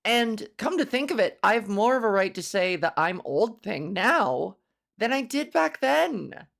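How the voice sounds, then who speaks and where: A woman's voice: medium pitch, sing-song, measured pace, creaky. A woman comedian hosting her own podcast alone, talking in a playful, silly, rambling way and savoring mock-grand words. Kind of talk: casual solo podcast monologue.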